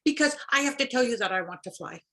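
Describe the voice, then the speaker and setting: A woman voicing an excitable little male fish who begs to fly, in a high, pleading, eager voice. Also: fast.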